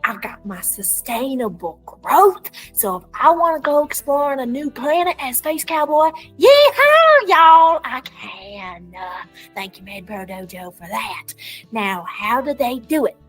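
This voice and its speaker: A woman's voice: fairly high pitch, expressive, normal speed, husky, rough recording. A woman giving a comedic promotional monologue in a playful, folksy cowboy persona full of slang. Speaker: clinic business promoter. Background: faint music.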